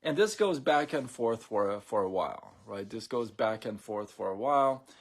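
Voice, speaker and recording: A man hosting a casual live stream, talking in a relaxed, rambling way with many fillers and restarts. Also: fairly low pitch, normal speed.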